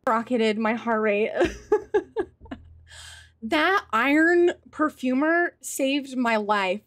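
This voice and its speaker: A woman streaming a game live, talking to her chat in an excitable way and swearing often. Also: fairly high pitch, very slow. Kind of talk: live gameplay commentary.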